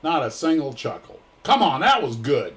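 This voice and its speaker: A man's voice: on the high side, big pitch swings, moderate pace, fairly bright tone. An American man hosting a casual livestream, joking and rambling with plenty of fillers. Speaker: livestream host.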